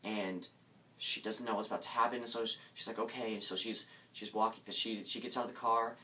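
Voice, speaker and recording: Young man, casual ghost story, hesitant, restarts, lowish voice, distant mic. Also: fairly even intonation, brisk, sharp tone. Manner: hesitant, many restarts, suspenseful. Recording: distant mic, faint background noise.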